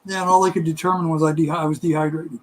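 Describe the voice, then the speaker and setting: Animated middle-aged man telling stories. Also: fairly high pitch, fast, slight background noise, low-quality recording. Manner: animated, laughing, acts out voices in his stories. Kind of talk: casual storytelling chat.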